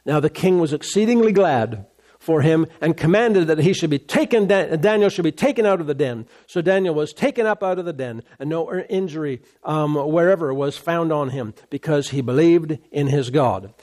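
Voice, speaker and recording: A man preaches a sermon in a slightly higher-than-usual voice. He reads a scripture story and stops now and then for casual, plain-spoken asides. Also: expressive, moderate pace, a little mellow. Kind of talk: sermon, reading scripture and commenting.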